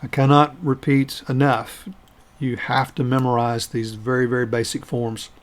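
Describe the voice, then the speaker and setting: Guy teaching a grammar lesson, patient and step by step, stops so you can repeat after him, normal pitch. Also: little pitch movement. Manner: patient, methodical, pauses for listeners to repeat. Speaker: Hebrew teacher.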